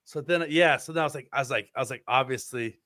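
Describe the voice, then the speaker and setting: Podcast co-host, man in his thirties, mid pitch, lively anecdote teller, dry sound. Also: quick pace, no room sound. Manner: animated storyteller, acts out quotes. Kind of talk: casual chat, storytelling.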